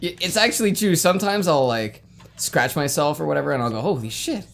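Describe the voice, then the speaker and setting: A man in a loose gaming chat, blunt and foul-mouthed, his voice swinging high and low as he makes his point. He talks like he is telling a story to a friend. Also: brisk, creaky. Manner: blunt, crude, animated storytelling. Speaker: let's play co-host.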